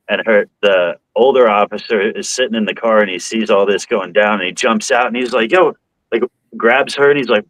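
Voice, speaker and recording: A young man telling stories in casual chat, profane and animated, acting out what people said. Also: lowish voice, brisk, dry recording, low-quality recording.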